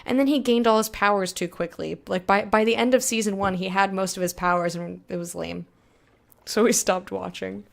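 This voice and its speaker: A woman's voice: mid-range voice, fairly even intonation, normal speed, creaky. A young woman streaming a game, chatting casually with viewers, laughing often and reading game text aloud. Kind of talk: casual let's-play chat with viewers.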